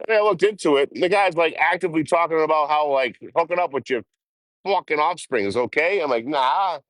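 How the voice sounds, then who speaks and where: His voice sits on the high side, quick and fairly bright, with no room sound. He's a young livestream host traveling outdoors by train, chatting with viewers while swearing and laughing.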